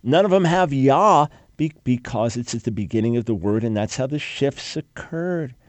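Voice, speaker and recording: Medium-pitched and expressive, recorded with no echo, a man with a PhD in Semitic languages lectures as a Bible scholar on how Hebrew names and words shifted. He makes his points emphatically, with rapid asides mocking the objections of those who disagree.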